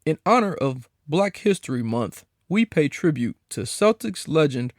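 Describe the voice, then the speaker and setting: A man rants alone on his podcast, swearing freely and sounding openly incredulous. His voice sits a bit high and leaps around wildly in pitch. The close-mic recording is dry, with no room sound. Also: a little slow, no room sound. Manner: profane, animated, incredulous ranting with frequent laughs. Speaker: podcast host. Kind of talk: solo podcast rant.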